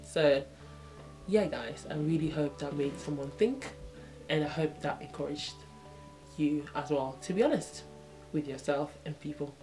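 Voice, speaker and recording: A woman's voice: low voice, a little fast, darkish tone, soft background music. Chatty young woman vlogging to camera. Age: 20s. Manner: chatty, reflective, lots of "you know what I mean"; acts out little dialogues in changed voices. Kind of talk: casual talk to camera.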